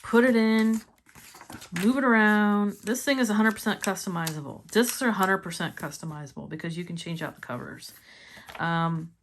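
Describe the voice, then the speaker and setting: A woman's voice: mid-range voice, moderate pace, slight background noise. A woman with a Missouri accent chatting casually in a planner review vlog, laughing often and sounding enthusiastic. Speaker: planner vlogger.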